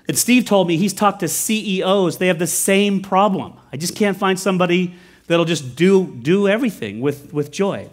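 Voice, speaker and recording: A middle-aged American man preaching a sermon as pastor, conversational and animated, telling stories with quick asides. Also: fairly high pitch. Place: church sanctuary.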